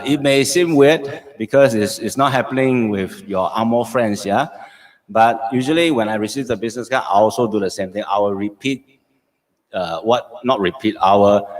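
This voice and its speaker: Singaporean man teaching Japanese phrases. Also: lowish voice. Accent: Singaporean English. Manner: repeats phrases, checks in with "okay?" often. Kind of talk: live-streamed lesson.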